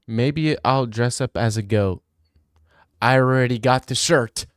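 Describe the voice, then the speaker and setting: Blunt young man with a smooth voice. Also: medium pitch, a little slow, no echo, clean studio sound. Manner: laid-back, blunt, swears casually. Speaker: streamer. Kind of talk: casual chat, reading viewer messages.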